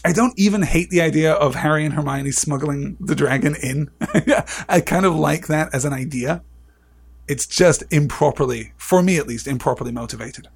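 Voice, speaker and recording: A man's voice: a little high, moderate pace, gravelly, husky. A man presenting a live-streamed book discussion, reading passages aloud and adding wry, chatty asides.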